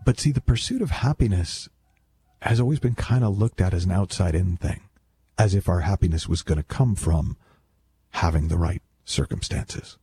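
A man's voice: low voice, moderate pace, dark tone, breathy edge. A man talking as a self-help speaker in a casual, reflective monologue, rambling and wry with many self-corrections.

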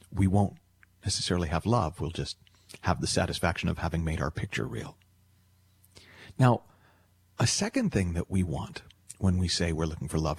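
A man hosting a radio call-in show, talking earnestly and reflectively and slowing down for emphasis. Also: deep voice, a little mellow, breathy edge. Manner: earnest, storytelling, slows for emphasis. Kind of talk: reflective radio talk on love.

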